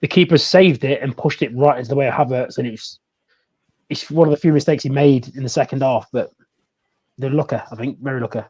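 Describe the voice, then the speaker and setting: Chatty man with a mellow voice. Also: mid-range voice, a little fast, husky, muffled recording. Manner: chatty, animated, laughs easily. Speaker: podcast co-host. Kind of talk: casual football chat.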